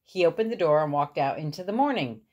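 A woman reading a picture book aloud to her boy, pausing to point out the pictures. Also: sits low, lively intonation. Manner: warm, explaining the pictures. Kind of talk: storybook read-aloud.

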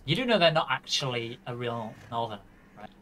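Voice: medium pitch, sing-song, a little fast, fairly bright tone, slight background noise. A fellow streamer chatting over in-game voice chat, teasing in a playful, mock-indignant way.

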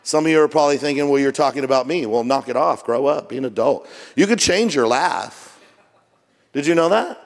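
A man's voice: a little high, lively intonation, normal speed, gravelly. A middle-aged man preaching a sermon as pastor, joking and conversational, jet lagged. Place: church auditorium. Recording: long reverb of a church hall.

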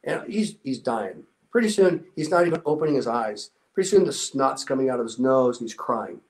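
A man in his sixties, a guest in an interview, telling a story earnestly and with a motivational drive, often dropping to a softer, lower voice when he quotes people. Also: animated, fairly quick, low-quality recording. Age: 60s. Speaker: interview guest, former special warfare instructor. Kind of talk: conversational storytelling.

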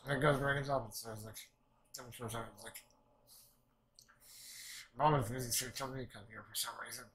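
A man's voice: medium pitch, steady tone, a little fast, fairly bright tone, poor audio. A man hosting an anime reaction channel, talking in a rambling way with stumbles, restarts and frequent swearing. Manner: rambling, stumbling over words, swears often. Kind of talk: casual reaction commentary.

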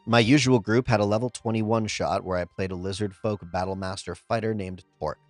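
A man reading out reader-submitted tabletop game stories in a scripted narration, expressive, with pauses for comic timing. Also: fairly low pitch, faint music behind. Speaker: story narrator.

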